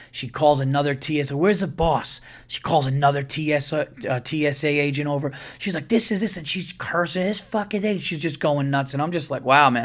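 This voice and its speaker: A man hosting a podcast, telling a rambling, profane story in a casual monologue and quoting people as he goes. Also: medium pitch. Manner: profane, rambling, animated retelling with quoted voices. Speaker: podcast host.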